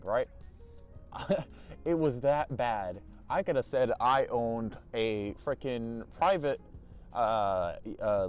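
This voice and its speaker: Animated young male storyteller. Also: mid-range voice. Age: young adult. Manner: animated, restarts and repeats, laughs often. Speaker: vlogger. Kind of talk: storytime vlog.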